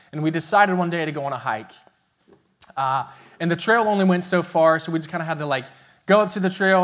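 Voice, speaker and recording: A young man preaching a sermon as pastor, telling a family story and slowing down to stress key phrases. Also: a little high, fairly bright tone. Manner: storytelling, earnest and emphatic, slows for key phrases.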